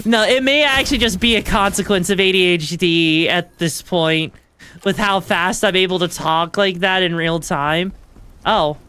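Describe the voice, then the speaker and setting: A woman's voice: mid-range voice, fairly bright tone, smooth. A woman streamer chatting casually and rambling while she plays a game. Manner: rambling, chatty, lots of fillers. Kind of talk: casual gameplay commentary.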